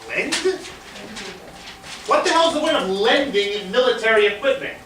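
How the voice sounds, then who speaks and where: A man teaching history as a lively lecture, telling it like a story and acting out what people said, with fillers along the way. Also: very high voice, fast talker. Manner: animated storytelling with fillers, acts out quotes. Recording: roomy echo, distant mic, faint hiss.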